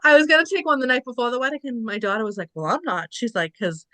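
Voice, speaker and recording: Bright sarcastic woman, dry close sound. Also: a little high, quick pace, dry recording. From Massachusetts. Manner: storytelling, sarcastic, swears casually. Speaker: podcast co-host. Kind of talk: casual chat.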